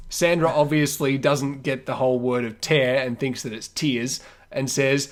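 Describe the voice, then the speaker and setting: A man's voice: mid-range voice, normal speed. A man co-hosting a casual news podcast, reading out a story and laughing often as he tells it. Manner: animated, laughs often while telling. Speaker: podcast co-host.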